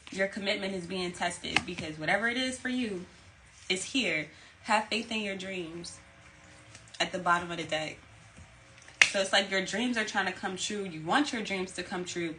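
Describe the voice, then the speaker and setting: Woman, lower pitch, tarot reader, blunt and casual, steady hiss behind her. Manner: candid, repeats phrases, swears casually.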